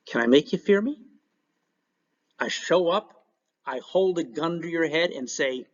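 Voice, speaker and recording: A man teaching a recorded class lecture in an animated way, with joking asides. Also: on the high side, a little slow, long pauses. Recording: dull lo-fi recording.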